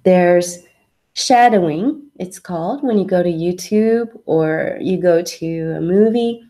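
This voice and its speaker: A woman teaching English online, explaining pronunciation tips patiently with examples. Her voice is soft and mellow, and she talks at an unhurried, deliberate pace, as if giving the student time to follow. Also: fairly low pitch. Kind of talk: online English lesson, answering a student's question.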